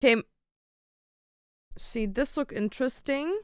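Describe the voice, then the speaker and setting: Young woman streamer, casual and chatty, a bit of swearing, slightly high, dry close sound. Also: measured pace, darkish tone, smooth, no room sound. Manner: chatty, swears casually, thinks aloud while ordering food. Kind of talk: casual chat to stream viewers.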